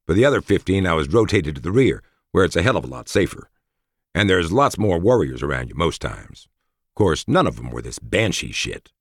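A man's voice: sits low, big pitch swings, fairly quick, dry recording, studio quality, full character voice. Man doing a plain-spoken veteran soldier. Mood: matter-of-fact. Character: veteran male warrior, matter-of-fact. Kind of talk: audiobook character voice.

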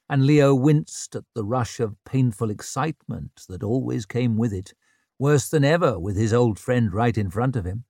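A male audiobook narrator reading a fantasy novel at an unhurried, measured pace. His mid-range voice is recorded close and completely dry, with no room sound. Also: fairly low pitch, vocal fry, no room sound. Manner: measured, even storytelling. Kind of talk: scripted narration.

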